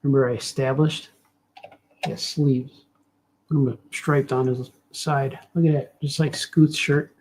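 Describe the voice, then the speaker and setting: A man's voice: medium pitch, level tone, a little slow, a little mellow, a little hiss or hum. A man cartoonist chatting casually and thinking aloud as he draws, rambling and cracking jokes. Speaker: cartoonist drawing on a show. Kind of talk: casual commentary while drawing.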